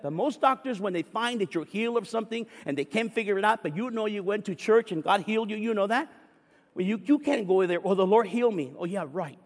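A man preaching a sermon, telling a story and reading scripture aloud with rising fervor. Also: sits high. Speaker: pastor. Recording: echoey hall with long reverb.

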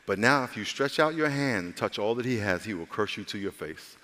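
A man's voice: on the low side, animated, fairly quick, sharp tone, in a large hall. A male pastor preaching a sermon with humor, calling out to the congregation and voicing characters in his stories.

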